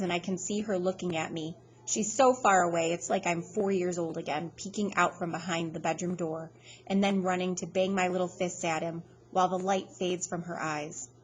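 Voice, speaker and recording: A woman's voice: on the low side, slight background noise. A woman narrating an audiobook chapter in an earnest, urgent voice. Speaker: audiobook reader.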